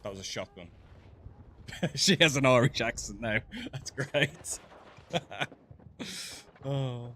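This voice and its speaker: A man with a softened Black Country accent chatting casually while streaming a game, laughing often and stumbling over his words. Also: medium pitch, animated, slow pace, pauses often, a little hiss or hum. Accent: Black Country English, softened. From English West Midlands. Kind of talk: casual chat while gaming.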